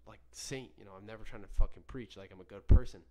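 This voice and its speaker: A man's voice: lowish voice, fairly even intonation, fast, dark tone. A young man hosting a solo podcast, telling a story in a rambling, profane way with many self-corrections. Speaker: podcast host.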